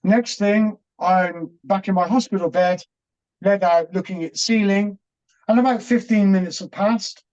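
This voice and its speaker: A man's voice: high voice, darkish tone. Earnest man telling a story. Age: middle-aged. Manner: earnest, halting, with repeated restarts. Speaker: interview guest. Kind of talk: personal storytelling. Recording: dull, muffled audio.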